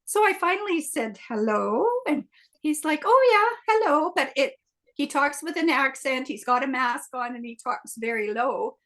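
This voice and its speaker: A woman's voice: high voice, normal speed, fairly bright tone. An older woman telling a story on a group video call, hesitant with frequent restarts and filler sounds. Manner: hesitant, lots of "uh" and restarts, chatty. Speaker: coaching group member.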